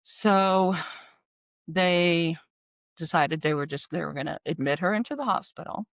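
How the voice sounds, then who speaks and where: A woman's voice: on the low side, unhurried, no room sound. A middle-aged woman earnestly retelling a personal story, acting out the dialogue as she goes.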